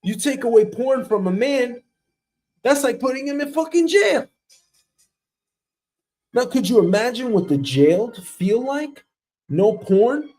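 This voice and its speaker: Thirties male host, comedic rant; high voice, very animated delivery, sarcastic. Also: a little slow, pauses often. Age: 30s. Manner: ranting, sarcastic, swings between loud and muttered. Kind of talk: comedic news monologue.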